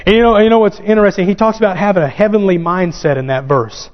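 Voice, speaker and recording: Male preacher in an echoing hall. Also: sits high. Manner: preaching with rising emphatic calls and pauses; reads scripture aloud in King James wording. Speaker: pastor. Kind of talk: sermon. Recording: dull sound with long hall reverb.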